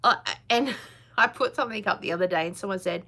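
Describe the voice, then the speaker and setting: A woman's voice: mid-range voice, fast talker, bright, forceful tone, husky. A woman, hosting a casual live chat, chatty and blunt, laughing often. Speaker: live stream host.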